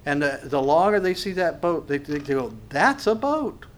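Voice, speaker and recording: A man preaching a sermon, swinging from hushed to loud and asking the congregation rhetorical questions. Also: on the high side, a little fast. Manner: acts out quoted voices. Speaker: pastor.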